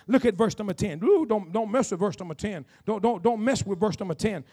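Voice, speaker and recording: High-voiced emphatic male preacher. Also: lively intonation, dark tone, slightly rough. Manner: emphatic preaching with repetitions and call-and-response; slows down to draw out key phrases. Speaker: pastor. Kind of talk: sermon. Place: church sanctuary.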